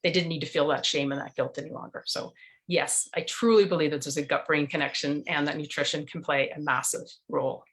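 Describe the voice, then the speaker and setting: A woman's voice: low-pitched, fairly even intonation, a little fast, fairly bright tone. A middle-aged woman, a nutrition coach, telling her story earnestly in an interview over a video call.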